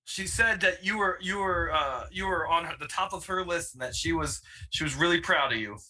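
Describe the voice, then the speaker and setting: Player, male, high bright voice, brash, joking. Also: moderate pace, poor audio. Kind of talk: casual tabletop play.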